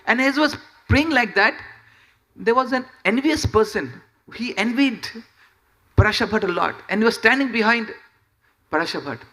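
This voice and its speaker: A man giving a scripture class, telling the story in an animated way and often saying "you know". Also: very high voice, moderate pace. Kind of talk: sermon storytelling.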